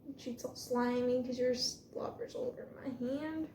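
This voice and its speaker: A chatty young woman with a slightly high voice explains her dog training in a relaxed, reassuring way. She speaks from an echoey room at home with a faint hiss behind her. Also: moderate pace. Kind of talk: casual vlog narration.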